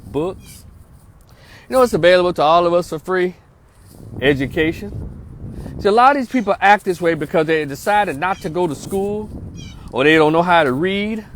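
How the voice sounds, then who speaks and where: A middle-aged man, a social worker telling a story in a casual, slangy way that turns into preaching. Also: high voice. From North Memphis, Tennessee. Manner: slangy, streetwise, asks listeners for agreement.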